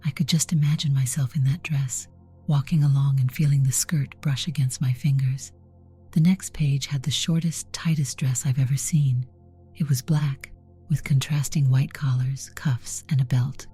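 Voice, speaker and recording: Very deep, husky woman narrator. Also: fairly even intonation, moderate pace. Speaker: story narrator. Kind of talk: first-person story narration. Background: soft background music.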